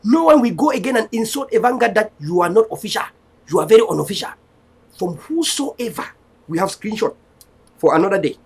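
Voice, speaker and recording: Man, gravelly, raspy, fiery political address, defiant, preaching. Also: high-pitched, lively intonation, brisk. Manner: defiant, preaching, repetitive rallying. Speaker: online TV host.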